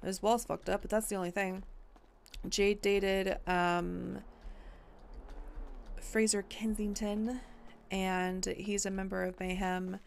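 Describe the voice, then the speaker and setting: A woman's voice: medium pitch, flat delivery, takes it slowly, creaky, pauses often, slight background noise. A woman streamer talking in character during a game roleplay, frustrated and rambling, swearing often and full of fillers.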